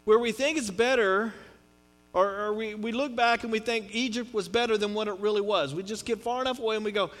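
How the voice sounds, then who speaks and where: A man's voice: sits high, a bit bright. A middle-aged male pastor from Texas preaching a sermon in a conversational, rambling way, with frequent restarts and asides. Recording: long hall reverb with mains hum.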